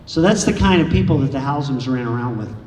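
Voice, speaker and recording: A man giving an author's talk at a library, telling anecdotes in a lively way and acting out the dialogue. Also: mid-range voice, quick pace. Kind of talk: storytelling lecture to an audience. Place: large echoey lecture room. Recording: echoey hall from far off, faint hiss.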